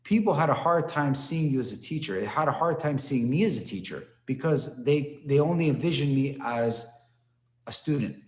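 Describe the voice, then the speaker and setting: Male instructor from Toronto, mid-pitched, casual and encouraging, on a video call in an echoey room. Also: animated, moderate pace, a little mellow. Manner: storytelling, encouraging, many "right?" and "okay?" tags. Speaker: martial arts instructor. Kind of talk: online class talk. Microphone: computer mic on a video call.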